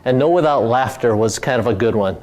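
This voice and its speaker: A man's voice: medium pitch, brisk, a little mellow. A middle-aged man from Hawaii, a company founder telling his story in a casual talk, rambling with many fillers and restarts.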